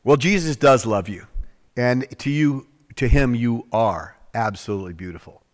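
A man's voice: mid-range voice, animated, normal speed, long reverb tail. A man preaching a sermon in a fervent, conversational way, acting out prayers in his own voice. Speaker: pastor.

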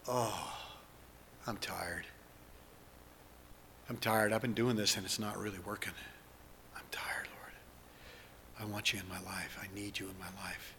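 A man preaching and leading the listeners in an earnest spoken prayer, moving between hushed lines and fervent ones. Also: on the low side, flat delivery, brisk, in a large hall, a little hiss or hum. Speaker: pastor.

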